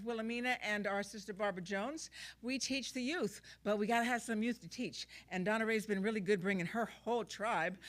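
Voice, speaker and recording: A woman who teaches the church youth, making an announcement. She sounds lively and encouraging and jokes along the way. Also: mid-range voice. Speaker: children's teacher. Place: church service.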